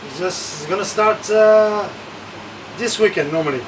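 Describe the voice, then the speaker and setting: A bar owner talks in an animated way, acting out other people's complaints in his high voice. He is caught from some distance away, with clear street noise around him. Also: moderate pace. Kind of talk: casual street conversation. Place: outdoors on a village street.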